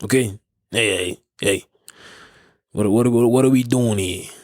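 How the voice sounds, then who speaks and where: A man's voice: on the low side, unhurried, a little mellow, no echo, clean studio sound. A young South African man hosting a podcast, telling a story in a rambling way with many restarts and frequent laughs. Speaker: podcast host. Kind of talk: casual storytelling.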